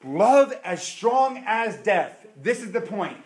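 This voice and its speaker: High-voiced preacher in an echoey room. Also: male voice, very animated. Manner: emphatic preaching with dramatic pauses and shifts in loudness. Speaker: pastor. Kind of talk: sermon.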